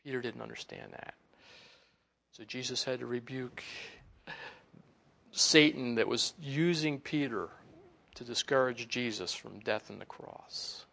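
A man's voice: mid-range voice, creaky, a bit bright. A man preaching a sermon, telling a Bible story with acted-out quotes and frequent laughter. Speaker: pastor.

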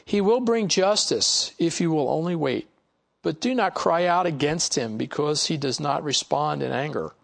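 A man's voice: fairly high pitch, lively intonation, moderate pace, vocal fry. A man teaching a Bible study, reading passages aloud and commenting on them in a conversational way, with frequent "you know" asides.

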